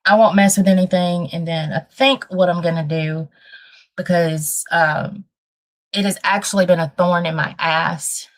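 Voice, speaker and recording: A woman hosting a casual livestream with a dry throat, talking bluntly and thinking out loud as she rambles. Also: deep voice. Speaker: livestream host.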